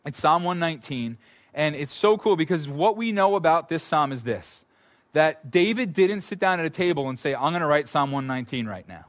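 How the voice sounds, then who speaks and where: A male pastor preaching a conversational, animated sermon, often repeating words as he goes. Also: a little high, fairly quick.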